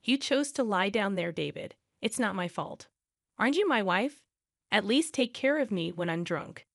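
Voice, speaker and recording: A woman voicing a selfish young husband who talks in a curt, blaming way, with a slightly lower voice than her narration. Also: lively intonation, normal speed, creaky, a bit bright, dry recording, clean studio sound. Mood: sulky.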